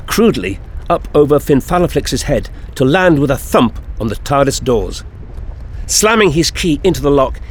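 A man narrating an adventure story in an expressive storytelling manner. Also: on the high side, a little hiss or hum. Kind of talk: audiobook fan-fiction reading.

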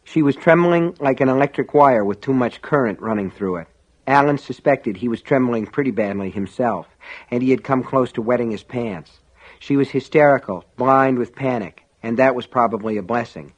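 A man narrating a novel in an even, measured reading. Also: medium pitch. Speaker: audiobook narrator. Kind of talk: scripted audiobook narration. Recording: dull lo-fi audio.

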